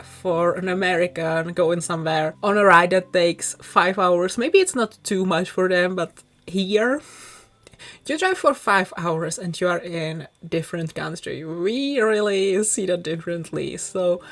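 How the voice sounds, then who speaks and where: Rambling young Czech woman, lowish voice. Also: a little slow. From southern Bohemia, Czech Republic. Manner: rambling, self-conscious, laughs often. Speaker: YouTuber. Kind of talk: rambling casual chat over a speedbuild. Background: soft background music.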